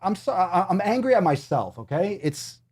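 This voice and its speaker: A man's voice: high-pitched, big pitch swings, normal speed, darkish tone, slightly rough, dry recording. A man hosting a fitness livestream in casual banter, playful and theatrical, swearing freely. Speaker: livestream fitness show host.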